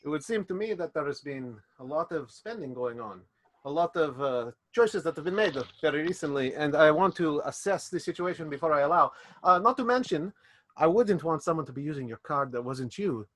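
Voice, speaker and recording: A man voicing a cold, controlling old male vampire with a French accent, speaking slowly and condescendingly. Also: fairly high pitch, expressive, a bit bright. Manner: slow, measured, condescending.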